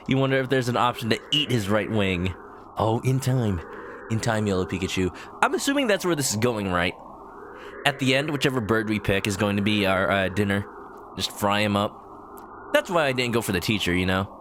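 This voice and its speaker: A man's voice: lowish voice, lively intonation, normal speed, long pauses, fairly bright tone, soft background music. A young man casually commenting on a game as he streams it, joking as he goes. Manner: playful, jokey.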